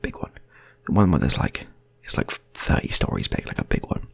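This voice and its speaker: A man improvising funny stories in a rambling, playful way, often restarting his sentences. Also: a little fast. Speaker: storyteller. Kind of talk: improvised comic storytelling.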